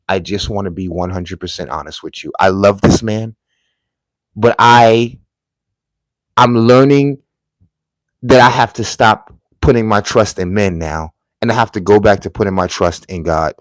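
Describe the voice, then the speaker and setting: A man's voice: lowish voice, no echo, poor audio. A man from the United States giving a casual commentary monologue, telling rambling, emphatic stories.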